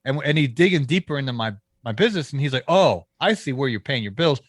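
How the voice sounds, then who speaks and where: A man, a landscaping business owner, telling a story as a podcast guest, lively and acting out the people he quotes, with frequent restarts. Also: medium pitch, quick pace, no echo, studio quality. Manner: animated storyteller who acts out quoted dialogue. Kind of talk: casual storytelling interview.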